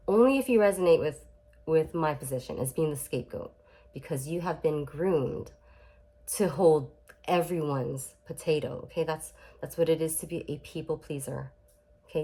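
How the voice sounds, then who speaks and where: Young adult woman, low voice, casual self-help vlogger, chatty and emphatic with frequent restarts. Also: a little mellow, husky. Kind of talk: casual talk to camera.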